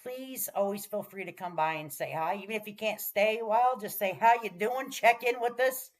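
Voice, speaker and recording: A woman's voice: mid-range voice, moderate pace. A woman hosting a casual livestream, talking to her chat in a folksy way and swearing freely. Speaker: livestream host.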